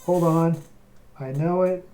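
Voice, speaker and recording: A man hosting a podcast, casually recapping a comic issue with lots of "like" and "um", and putting on higher voices for the characters he quotes. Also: steady tone, slow, mellow. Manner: chatty, loose with lots of "like" and "um", voices quoted characters with raised pitch. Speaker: podcast host.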